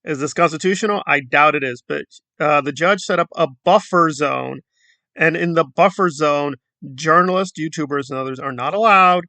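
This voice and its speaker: A male YouTube commentator talks casually in a flat, monotone way. His voice sits a little high, with a gravelly, bright edge. The sound is close and dry. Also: moderate pace, no room sound. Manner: self-described monotone delivery.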